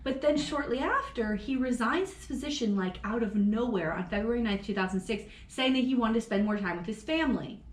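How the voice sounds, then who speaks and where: A woman from Florida co-hosting a casual true-crime podcast, swearing freely and laughing through animated storytelling. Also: on the high side, a little fast, few pauses, roomy sound. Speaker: podcast co-host.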